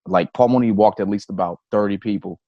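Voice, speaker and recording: A man's voice: fairly low pitch, a little fast, no echo, highs cut off. A comedian on a podcast, a man telling a loose, profane anecdote in casual chat. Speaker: comedian guest.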